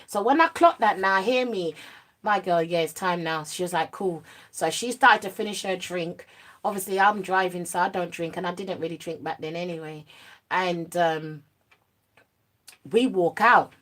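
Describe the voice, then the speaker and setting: Woman telling a story in slang. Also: normal speed. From United Kingdom. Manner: animated slang-heavy storytelling, drops to a low murmur at serious parts. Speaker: vlogger. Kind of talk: storytime monologue.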